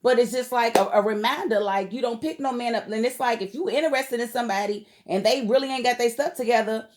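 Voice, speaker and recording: A woman from Kentucky talks straight to camera in a casual vlog, recapping a TV show. Her voice sits a little high, and her delivery is heated, emphatic and full of outspoken slang. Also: fast talker, few pauses, a little mellow.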